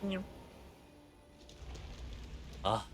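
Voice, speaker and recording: A man's voice: extremely slow, fairly bright tone, a little hiss or hum. A man streaming a video game, joking crudely and chatting with his viewers. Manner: crude, joking, talks to chat. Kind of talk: casual gameplay commentary.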